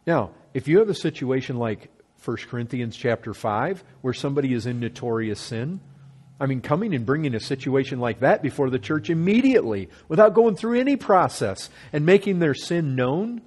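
A man delivers an earnest sermon as a pastor, repeating phrases and climbing in pitch to stress each point. His voice has a husky edge. The melody is animated, rising and falling widely as he preaches. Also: moderate pace.

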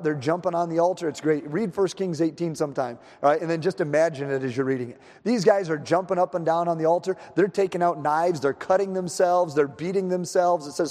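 A male pastor preaching a sermon, telling the story in an animated way and acting out the scenes. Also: a little high, in a large hall.

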